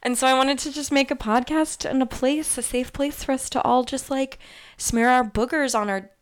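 A woman's voice: high-pitched, fairly even intonation, normal speed, smooth. A young woman co-hosting a casual podcast, rambling, laughing often and swearing freely. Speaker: podcast co-host. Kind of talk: casual chat.

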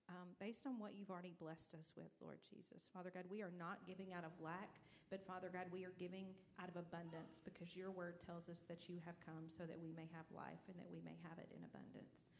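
A woman's voice: fairly low pitch, flat delivery, fairly quick, vocal fry, few pauses. A woman leading an offering prayer in church, speaking steadily and often repeating "Father God" and "Lord Jesus". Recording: faint background noise.

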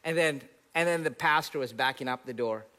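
A man preaching a sermon, animated, laughing at his own stories, rising loud when quoting scripture and dropping soft for asides. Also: brisk. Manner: rises loud and high when quoting scripture, drops soft for inner dialogue. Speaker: pastor.

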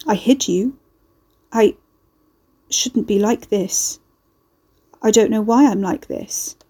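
A bulky, earnest house come to life as a man, voiced by a woman, speaking in a slow, deep and scratchy voice. The tone is mellow and dark rather than bright. It sounds halting and a little lost, like an audiobook creature. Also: breathy edge. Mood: bewildered. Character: bulky old house in male human form, earnest.

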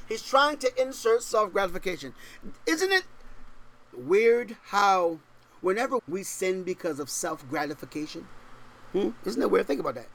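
A male pastor preaching a sermon, emphatic, swinging from loud stressed points to quiet asides and often checking in with rhetorical questions. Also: creaky. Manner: shifts between raised, forceful stresses and low, quiet asides.

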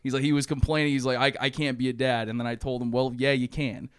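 Young male co-host, lively plot recap, clean dry voice, acts out every line. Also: mid-range voice, fast, clear, resonant tone, no room sound. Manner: animated storytelling, acting out characters' lines, frequent swearing and laughs. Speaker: podcast co-host. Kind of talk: casual chat retelling a movie plot.

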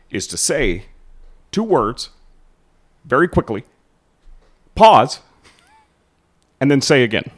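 Man doing a slow, solemn statesman. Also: mid-range voice, slightly rough, exaggerated voice. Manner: slow deliberate phrasing with long pauses. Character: smooth male statesman giving a slow measured address.

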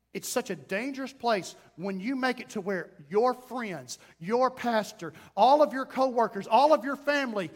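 Male pastor, very high voice, emphatic repetitive preaching, long hall reverb. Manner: emphatic, repetitive preaching with self-talk asides. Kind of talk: sermon.

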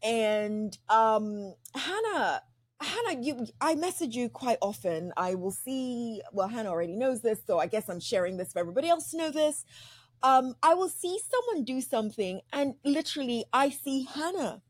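A woman hosts a casual podcast interview, her voice breathy and lively, swinging up and down in pitch. She is emotional, often restarting and repeating her words. The sound is close and dry. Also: moderate pace, no echo. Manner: emotional, tearful, repeats herself. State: crying. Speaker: podcast host.

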